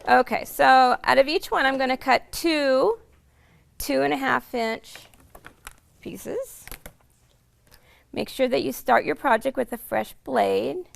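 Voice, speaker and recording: A chatty woman walks through a quilting demonstration, explaining each step as she goes. Her voice is hoarse and rough with heavy fry, set a little high. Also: takes it slowly, long pauses. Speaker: quilting instructor. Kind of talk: casual sewing demonstration.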